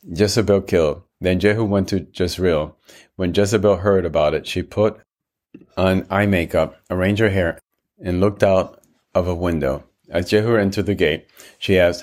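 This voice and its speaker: Male scripture narrator, very low pitch, measured and steady.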